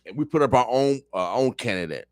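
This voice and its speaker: A man's voice: mid-range voice, lively intonation, brisk, no echo, studio quality. A man speaking as a radio show guest, talking politics in a fiery, preacher-like way and repeating phrases for emphasis. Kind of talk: impassioned political talk. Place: radio studio.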